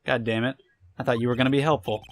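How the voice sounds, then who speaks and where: A young man giving casual, excitable commentary while playing a game, swearing often. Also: medium pitch, fast talker. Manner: excitable, swears a lot, angry outbursts. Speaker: let's play gamer.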